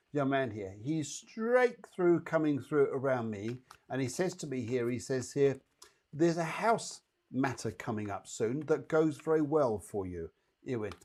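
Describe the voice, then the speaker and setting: This medium-pitched man, whose tone runs a bit dark, hosts a live psychic show where he does brief mini readings for viewers. He talks straight to each person in a chatty, reassuring way.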